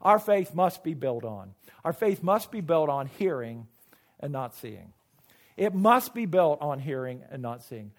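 A man preaching a sermon with a high voice that leaps up and down in pitch. He moves between loud, emphatic calls and soft, confiding asides, often doubling his first words. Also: sing-song, unhurried. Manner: repeats words when starting sentences. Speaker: pastor.

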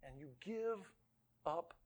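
Male pastor, high and lively voice; booms one moment, drops to a hush the next, jokes at his own expense. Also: slow. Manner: animated, swings from loud outbursts to hushed near-whispers; self-deprecating humor. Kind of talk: sermon.

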